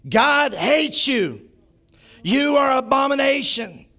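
A man imitating a furious male street preacher who shouts condemnations. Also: extremely high pitch, animated, takes it slowly, creaky, voice pushed up, full character voice. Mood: ranting. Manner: shouting, ranting.

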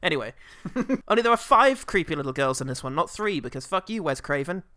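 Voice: mid-range voice, big pitch swings, brisk, pushed and bright, no room sound. A podcast host recapping a film in a sarcastic, jokey way, laughing mid-sentence. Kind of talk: casual chat recapping films.

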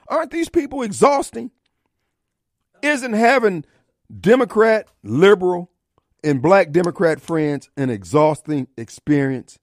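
Man, middle-aged radio host: high, lively pitch, combative mocking rants, dry studio sound. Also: no room sound. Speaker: radio talk show host. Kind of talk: opinionated talk radio monologue.

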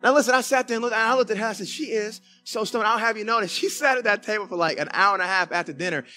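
Bright-voiced, high Southern pastor preaching. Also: male voice, rapid-fire, soft background music. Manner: folksy storytelling with asides to the congregation. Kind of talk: sermon. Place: church sanctuary.

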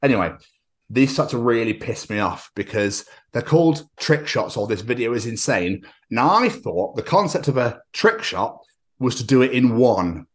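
A man's voice: medium pitch, moderate pace. A man hosting a podcast, telling crude jokes and stories in casual banter, swearing a lot and laughing often. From England. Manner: sweary, laughing, animated storytelling. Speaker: podcast host.

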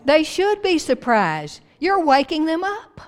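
A woman's voice: wildly swooping pitch, takes it slowly. Woman preaching emphatically in a reverberant church. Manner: emphatic preaching with big rises and drops in pitch and loudness. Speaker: pastor. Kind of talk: sermon. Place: church sanctuary. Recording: long reverb of a church hall.

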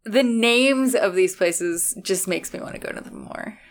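A woman's voice: medium pitch, unhurried. A young adult woman co-hosting a podcast in casual, upbeat chat, laughing often. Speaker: podcast co-host.

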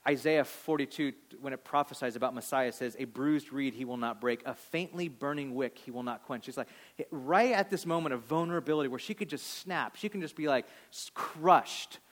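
A male pastor delivering a sermon, building to loud emphatic peaks and dropping to hushed quoted lines, acting out voices from the story. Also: mid-range voice, normal speed, few pauses. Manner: acts out voices of people in the story.

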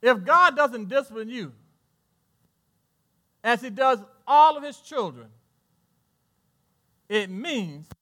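Male pastor, high voice, bright and forceful, preaching, asks the crowd questions, loud then hushed. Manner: preaching with sudden swings between loud and hushed; talks to the congregation with questions. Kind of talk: sermon.

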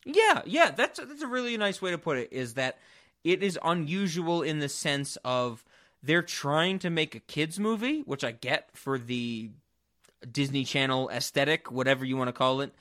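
Animated man chatting about movies. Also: a little high, moderate pace. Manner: animated, jokey, breaks into loud yelling bits. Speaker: podcast co-host. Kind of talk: casual movie-review chat.

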